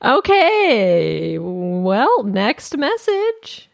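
A woman host speaking very slowly, her pitch rising and falling a lot. Her voice is dry and close, and she reacts with short interjections. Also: huge pitch swings, vocal fry, dry recording. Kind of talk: casual chat.

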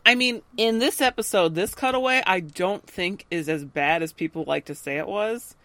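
A woman co-hosting a podcast in casual chat, relaxed and agreeable. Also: mid-range voice, moderate pace, no echo. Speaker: podcast co-host.

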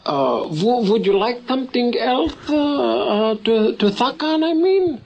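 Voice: medium pitch, expressive, unhurried, vocal fry, a little mellow, dull audio. Someone doing a mumbling lecherous accented shrink. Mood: flustered. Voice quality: mumbling, as if his mouth is full. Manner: stammering, hesitant. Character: bumbling lecherous male psychiatrist with a foreign accent. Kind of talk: old comedy tape acting.

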